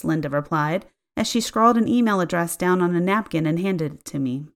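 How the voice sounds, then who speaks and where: A woman's voice: fairly low pitch, brisk, hardly any pauses. Woman narrating a story in the first person. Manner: expressive storytelling, acting out dialogue.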